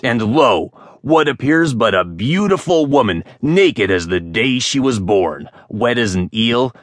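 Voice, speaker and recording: Dude playing a swaggering old pirate, low voice, slow drawling yarns, rough talk. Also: male voice, fairly bright tone, no room sound, clean studio sound. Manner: swaggering, dialect speech. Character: boastful old male ex-pirate storyteller.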